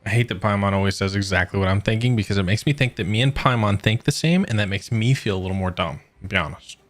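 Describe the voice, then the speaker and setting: A man's voice: on the low side, fast talker. A young man streaming a game playthrough, reading lines aloud and making sarcastic jokes. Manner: sarcastic, joking. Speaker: gaming streamer. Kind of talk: casual let's-play commentary. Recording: over game music.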